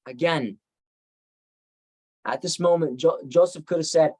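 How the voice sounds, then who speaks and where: A man's voice: on the high side, a little slow, pauses often, darkish tone, breathy edge, no room sound, poor audio. A man teaching a Bible study, retelling the story reflectively with frequent restarts.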